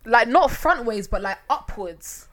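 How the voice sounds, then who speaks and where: Young woman co-host, blunt and laughing, bright voice, casual true-crime banter. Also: on the high side, animated, a little slow. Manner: laughs often, blunt and swearing. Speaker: podcast co-host.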